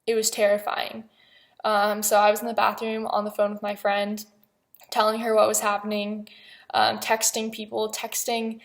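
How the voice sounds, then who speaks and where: A young woman telling a personal story to her vlog in a halting, hesitant way, with many pauses. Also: mid-range voice, completely flat delivery. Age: young adult. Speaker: vlogger.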